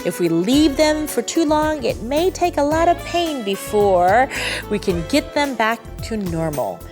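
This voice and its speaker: A young woman hosting an English-teaching TV interview in a studio, bubbly and quick to laugh, switching into Korean to explain words. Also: on the high side, very animated, music in the background. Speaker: TV show host.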